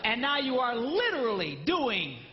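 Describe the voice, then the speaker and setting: A man doing a stand-up comedy routine, animated and acting out spouses in mimicked voices. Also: extremely high pitch, normal speed, heavy background noise. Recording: roomy live hall, dull lo-fi sound.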